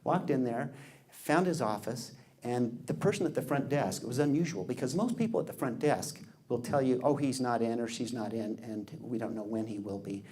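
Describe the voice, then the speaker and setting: A man tells a story from the podium, his voice mellow and warm. He is animated, dropping into the voices of people he quotes. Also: medium pitch, moderate pace. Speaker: public speaker. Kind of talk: storytelling speech.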